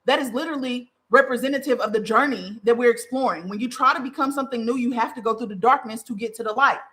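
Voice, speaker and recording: Fiery, bright-voiced woman host. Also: on the high side, fast. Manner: fiery, profane and preachy, with repeated emphatic phrases. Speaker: podcast host. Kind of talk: spiritual monologue.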